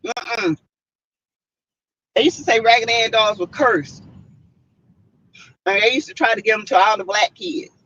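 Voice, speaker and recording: Slightly rough and a bit bright, her fairly high voice moves at a moderate pace with long pauses. She's a Southern US livestream host, casual and chatty, full of "mm-mm" and "y'all" for her viewers, heard in slightly muffled lo-fi audio.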